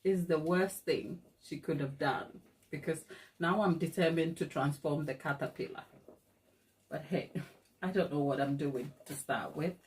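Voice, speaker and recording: Chatty woman, lowish voice, laughs often. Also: measured pace, slight background noise. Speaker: cake decorating tutor. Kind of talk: live tutorial chat.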